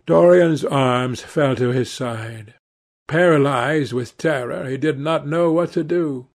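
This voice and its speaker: A man narrating a classic novel as an audiobook in a measured, dramatic reading. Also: mid-range voice. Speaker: audiobook reader.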